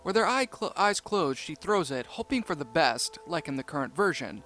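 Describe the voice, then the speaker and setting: Man narrating a creepypasta, slightly high. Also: big pitch swings, normal speed, pushed and bright, soft background music.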